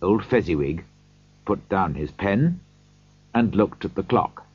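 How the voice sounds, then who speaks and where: A man reading a storybook aloud slowly for learners, in scripted narration. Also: deep voice, expressive, dry recording, muffled recording. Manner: slow, clear reading for learners.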